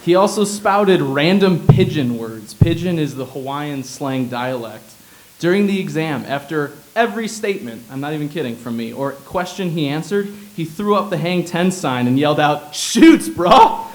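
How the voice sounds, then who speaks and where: A man's voice: fairly high pitch, expressive, moderate pace, rough recording. A young man from Illinois reads his humorous personal essay aloud. His delivery is wry and sardonic, with dry asides. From Illinois, USA. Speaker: writer reading his essay.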